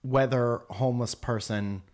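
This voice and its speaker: A man's voice: mid-range voice, steady tone, measured pace, darkish tone. A man in casual chat who keeps making dry, wisecracking asides.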